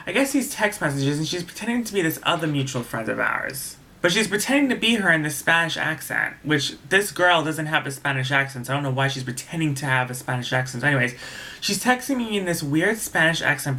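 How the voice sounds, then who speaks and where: A young man with a bright, forward voice rambles through a casual storytime, doubling back on himself as he goes. He sounds exasperated, venting more than narrating. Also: on the high side, lively intonation, brisk. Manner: rambling, with frequent restarts and asides. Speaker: vlogger.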